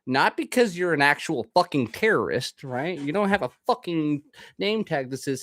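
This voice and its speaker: Podcast host, male, swearing, rambling rant; slightly high voice, dry close sound. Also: very animated, moderate pace, a bit bright, no room sound. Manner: profane, rambling, ranting. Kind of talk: casual monologue.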